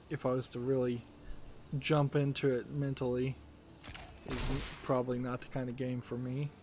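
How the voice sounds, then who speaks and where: A man's voice: mid-range voice, background noise. A man hosting a let's-play, giving casual commentary while thinking aloud with lots of fillers. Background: game music.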